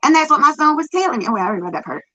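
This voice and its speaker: A woman talking casually on a livestream, rambling and halting, with laughs between her words. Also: sits high, big pitch swings, sharp tone, no room sound, highs cut off. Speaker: livestreamer in played clip.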